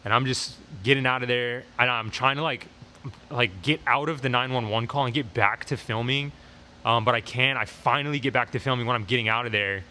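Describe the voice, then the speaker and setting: Young male vlogger, middle-pitched, casual storytime delivery heavy on "like," lapel mic. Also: fairly quick, a little hiss or hum. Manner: animated retelling with frequent fillers. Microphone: lapel mic on shirt.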